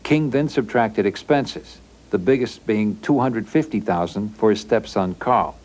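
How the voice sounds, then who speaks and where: A man narrating a documentary in a steady, factual, scripted delivery. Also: on the low side, unhurried.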